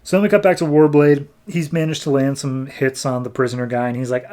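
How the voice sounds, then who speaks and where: A man recaps and reviews a comic on a podcast, talking loosely and piling on "like"s. His voice sits at a medium pitch and keeps a casual, unscripted feel. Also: fairly even intonation, brisk, hardly any pauses, a little mellow. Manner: rambling, lots of "like", acts out characters.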